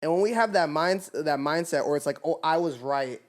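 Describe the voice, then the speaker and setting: A man's voice: fairly high pitch, a little fast. A young man co-hosting a podcast, talking earnestly and reflectively about love and pride in casual conversation. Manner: earnest, reflective, faith-based talk. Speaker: podcast co-host. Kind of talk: casual chat.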